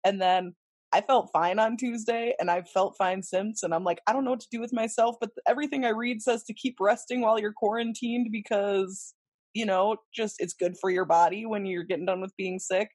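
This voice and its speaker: A woman's voice: mid-range voice, steady tone, fairly quick, a little mellow, dry recording, clean studio sound. Giggly young woman podcast co-host. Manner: laughs a lot, swears casually. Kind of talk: casual chat.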